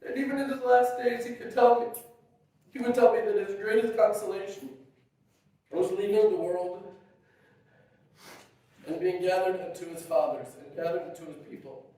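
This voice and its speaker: Grieving man, high voice, echoey and distant. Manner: halting and emotional, warm humor. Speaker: son giving a eulogy. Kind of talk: heartfelt funeral eulogy. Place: funeral gathering. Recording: very echoey, far from the mic.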